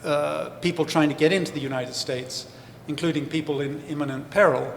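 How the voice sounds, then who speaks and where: A man's voice: a little high, steady tone, fairly quick, vocal fry, a little hiss or hum. A male author being interviewed on stage, explaining at length in a thoughtful way with many fillers and restarts. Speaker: author and historian, interview guest. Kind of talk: live festival interview. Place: large hall at a book festival. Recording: echoey hall with faint ambience.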